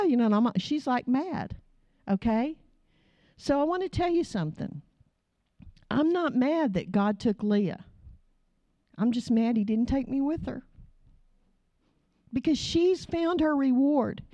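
A woman's voice: a little high, animated, normal speed, dark tone, no echo, dull audio. Woman preaching with emotion. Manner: emotional storytelling, pleading. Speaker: pastor's wife, preacher. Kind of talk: sermon.

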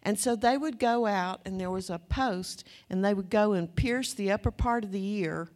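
Older Southern woman, Bible teacher; warm conversational preaching, mid-pitched, folksy storytelling. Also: normal speed. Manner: conversational, anecdotal, folksy asides. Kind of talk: sermon.

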